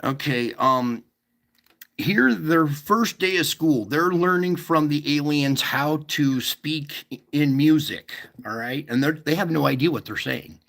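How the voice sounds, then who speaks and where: Talking at length on a relaxed livestream, this man meanders, restarts his thoughts, and keeps asking after his audience. He sounds gravelly with some vocal fry, pitched a little high and a bit bright, and he takes his time.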